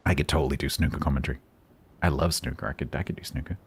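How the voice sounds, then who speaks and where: A man streaming a game and chatting to viewers in a steady, even, dry tone. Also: a bass voice, very fast, slightly rough. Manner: steady, even-toned, dry self-deprecating. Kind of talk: casual live-stream chat.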